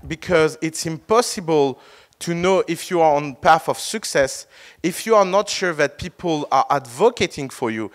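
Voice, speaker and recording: A man with a French accent, a non-native English speaker, giving an emphatic talk on entrepreneurship as a startup mentor, using rhetorical questions. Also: a little high. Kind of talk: motivational talk.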